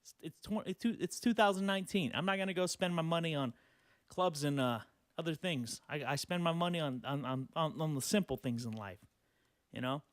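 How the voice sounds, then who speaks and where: A man's voice: on the high side, brisk, no echo, clean studio sound. A man in his twenties hosting a solo podcast, ranting sarcastically with lots of cursing, fillers and restarts. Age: 20s. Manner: sarcastic, profane, rambling with many fillers. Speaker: podcast host.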